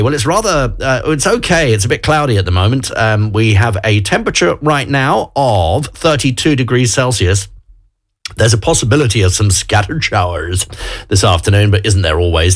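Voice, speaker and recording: A man hosting a morning radio show in a studio, chatty and playful, with filler ums and uhs. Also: medium pitch. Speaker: radio host. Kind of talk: casual radio presenting. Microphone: studio microphone.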